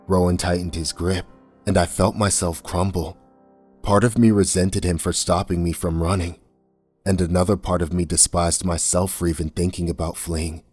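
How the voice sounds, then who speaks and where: A man reading a first-person horror story in a tense, measured way. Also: deep voice, flat delivery. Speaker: narrator. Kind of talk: scripted horror narration. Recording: soft music bed under voice.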